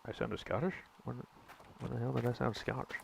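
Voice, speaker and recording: A man's voice: mid-range voice, little pitch movement, brisk, vocal fry, a little hiss or hum, low-quality recording. A young man giving casual gameplay commentary, chatting with viewers in a rambling, self-correcting way with mild exclamations. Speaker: gaming streamer.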